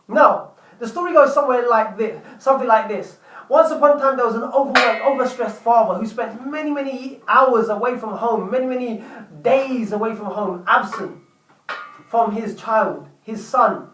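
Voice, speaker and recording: A chatty man with a high-pitched voice tells a story to his viewers, often repeating himself. His voice sounds roomy, as if he sits a bit back from the mic. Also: moderate pace, a bit bright, distant mic, slight background noise. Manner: chatty, repeats words while telling. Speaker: vlogger telling a story. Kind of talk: casual storytelling vlog.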